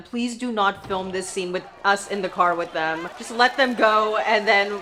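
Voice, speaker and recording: A woman's voice: medium pitch, unhurried, hardly any pauses, bright, forceful tone. A woman casually reacting to a TV episode, chatty and emotional, with lots of filler words. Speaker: TV show reaction host.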